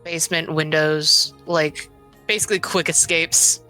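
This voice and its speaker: A woman's voice: low voice, fairly even intonation, measured pace, sharp tone, soft background music. A woman playing a tabletop role-playing game, asking questions in a casual way. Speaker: player.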